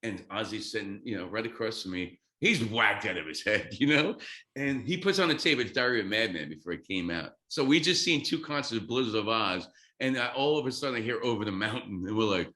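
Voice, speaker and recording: A man in his fifties, a guest drummer, telling a story excitedly, swearing freely and acting out quotes. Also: fairly low pitch, fairly quick, echoey room. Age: 50s. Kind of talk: animated storytelling.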